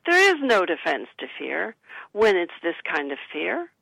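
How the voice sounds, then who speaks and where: A woman guest on a radio talk show, speaking in an earnest, gentle and instructive way as she gives spiritual advice. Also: lowish voice, very animated, normal speed, creaky, dry recording, lo-fi sound. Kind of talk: radio interview, advice-giving.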